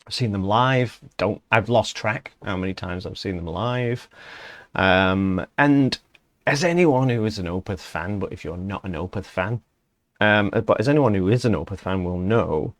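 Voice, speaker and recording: Deep-voiced man rambling about music. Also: moderate pace, dry recording. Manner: rambling, self-correcting, chatty. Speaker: music vlog host. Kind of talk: casual spoken opinion piece.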